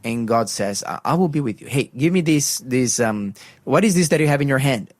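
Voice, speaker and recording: Animated man hosting faith radio. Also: a little fast, dry recording. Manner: animated storyteller, acts out voices with rising pitch, many fillers and restarts. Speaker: radio breakfast show host. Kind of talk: casual faith radio chat, retelling a Bible story.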